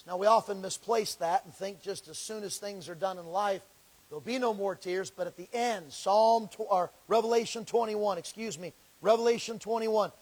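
A man preaching a sermon, reading scripture slowly and swinging between loud pleading and hushed lows. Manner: reads scripture in slow, drawn-out delivery.

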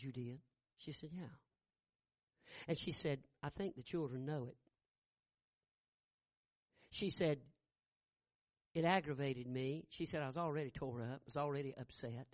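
A middle-aged man preaching a sermon, telling a family story and building to loud shouted peaks. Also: medium pitch, no room sound, studio quality. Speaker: pastor.

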